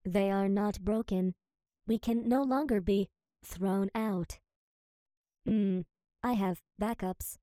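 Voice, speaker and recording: A woman's voice: mid-range voice, takes it slowly, long pauses, mellow, no room sound, studio quality, close to an everyday voice. A woman voicing a sweetly menacing, childlike female machine who sounds mock-innocent and coldly polite. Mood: coldly calm. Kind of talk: reading character lines with spoken stage directions.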